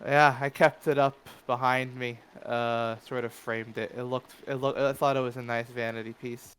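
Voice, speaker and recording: A man's voice: mid-range voice, level tone, normal speed, fairly bright tone, slight background noise, lightly acted. A man voicing a proud, easygoing male scrapper bartender who talks casually with hesitant fillers. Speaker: game master voicing a character.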